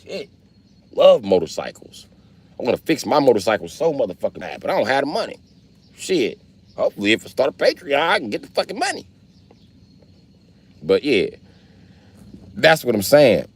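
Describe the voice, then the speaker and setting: A man's voice: medium pitch, big pitch swings, normal speed, pauses often, slightly rough. A young man live-streaming, chatting casually and profanely with his viewers in a loose, rambling way. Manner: rambling, profane, talks straight to chat. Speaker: livestreamer.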